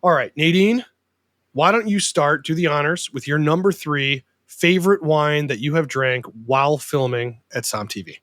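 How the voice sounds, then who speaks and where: A man's voice: a little high, moderate pace, no echo. Man hosting a casual podcast, dry sound. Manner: warm, joking, openly sentimental. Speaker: podcast host.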